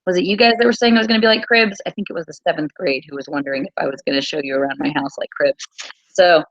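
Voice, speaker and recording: A woman teacher hosting a casual quiz livestream from her small home, chatty and repeating things slowly. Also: sits low, no echo, dull audio.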